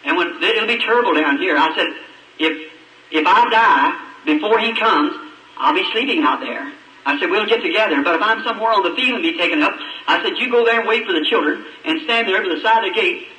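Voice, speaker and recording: A man's voice: high-pitched, animated, a little fast, pushed and bright. A man preaching an emotional testimony sermon, pleading, his voice rising and breaking. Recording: echoey archive sermon recording from far off, with faint noise.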